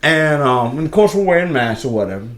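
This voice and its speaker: A man's voice: on the high side, sing-song, brisk, a bit bright. A man, a podcast guest telling a story in casual chat, profane and often laughing.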